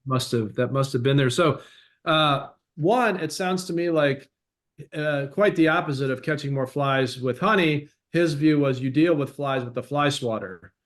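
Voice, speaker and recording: A man hosting a podcast, talking in a relaxed, halting way with many fillers. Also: a little high. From United States. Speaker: podcast host. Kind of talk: casual chat.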